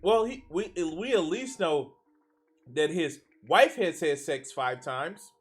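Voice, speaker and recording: A man with a higher voice reacts on a live stream, his pitch swinging widely as he swears and sounds exasperated. He breaks off and restarts sentences often, and his sarcasm cuts through. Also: animated, takes it slowly, husky, soft background music. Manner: trails off and restarts mid-sentence.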